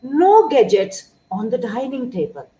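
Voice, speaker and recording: A middle-aged woman speaks as a pediatrician advising parents. Her voice sits a little high and moves a great deal in pitch, rising and falling expressively. She takes her time, laying out each point slowly and deliberately. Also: sing-song, dark tone, rough recording. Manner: measured, explanatory, lists points one by one. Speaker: pediatrician giving parenting advice. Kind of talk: informative talk to parents.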